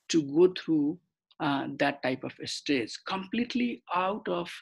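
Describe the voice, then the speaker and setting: A man giving an online scripture class, halting, with many fillers and restarts. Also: sits high, vocal fry, poor audio. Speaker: scripture study teacher. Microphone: computer mic on a video call.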